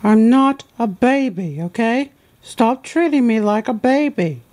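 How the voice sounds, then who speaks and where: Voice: medium pitch, animated, a little slow, darkish tone, natural voice. A performer voicing a plush animatronic fox who is tired of being babied, in a homemade toy skit, talking in a plain, exasperated way. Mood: annoyed.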